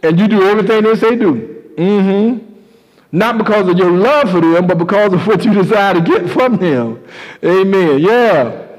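High-voiced man preaching. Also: lively intonation, moderate pace, big-room sound, rough recording. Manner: emphatic, repeats key lines. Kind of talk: sermon storytelling.

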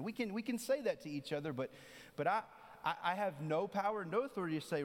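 Guy preaching a sermon, chatty, does little voices for people, kinda high voice, long hall echo. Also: animated, fast. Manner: conversational, acts out quoted voices. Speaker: pastor.

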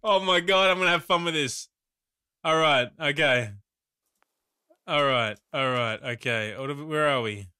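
A man streaming live, reacting to videos with loud exclamations, groans and a lot of swearing. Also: on the high side, normal speed, long pauses, clear, resonant tone, no room sound, clean studio sound.

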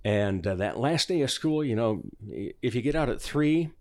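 A man talking as a guest in a radio studio, his voice very lively in pitch as he spins a long joke. He rattles through spelled-out letters at speed and laughs along as he goes. The sound is close and dry. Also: dry recording. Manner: animated storyteller, rapid spelling patter, laughs often. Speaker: guest performer and podcaster. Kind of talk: casual studio chat, telling a long joke. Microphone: studio microphone.

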